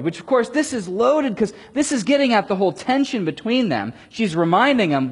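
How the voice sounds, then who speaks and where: Animated, husky-voiced preacher man. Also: high voice, fairly quick, few pauses. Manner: lively, conversational, animated storytelling. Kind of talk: sermon. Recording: long hall reverb.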